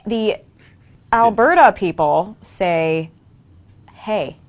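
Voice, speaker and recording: Woman, slow speech, mid voice, casual. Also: mid-range voice, animated. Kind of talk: casual group chat.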